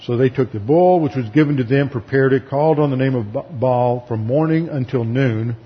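A man's voice: mid-range voice, brisk, husky. A man teaching through a Bible passage in a sermon, explaining it emphatically and sometimes acting out the people he quotes. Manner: explanatory, emphatic, acts out voices when quoting. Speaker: pastor. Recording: lo-fi recording in a reverberant hall.

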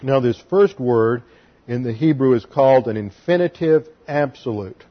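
Bible teacher explaining Hebrew, dull recording. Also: male voice, medium pitch, animated. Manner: explains Hebrew grammar slowly, spells out letters. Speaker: pastor. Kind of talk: teaching sermon.

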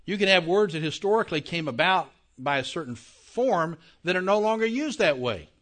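Slightly high-voiced man teaching a class. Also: animated, moderate pace, a bit bright. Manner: conversational, checks in with listeners. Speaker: Bible teacher. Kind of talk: classroom lecture to a congregation.

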